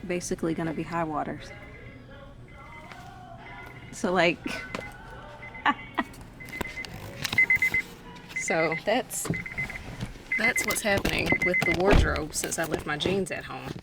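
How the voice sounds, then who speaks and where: A young woman vlogger chats casually to her phone camera from a car parked in a parking garage, using slang and poking fun at herself. Her voice is low and a little slow, with long pauses and a noisy background.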